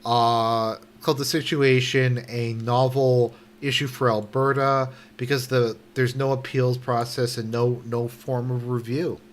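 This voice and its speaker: A man's voice: mid-range voice, little pitch movement, a little hiss or hum. Young guy ranting over a news article, sarcastic, swears a lot, keeps restarting sentences. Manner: indignant and sarcastic, swears, halting with many restarts. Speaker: online commentator. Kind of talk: casual commentary reading a news article.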